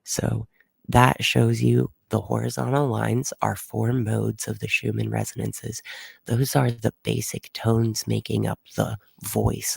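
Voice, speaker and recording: A man's voice: on the low side, level tone, unhurried, creaky, darkish tone, slightly rough, no room sound. A man hosting a weather livestream, explaining at length and rambling with fillers and restarts, close to his microphone.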